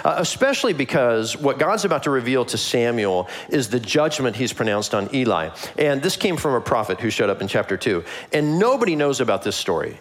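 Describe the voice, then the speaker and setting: A pastor preaching a sermon, retelling scripture with humor and acting out the characters' voices. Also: male voice, medium pitch. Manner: animated, humorous storytelling with acted voices.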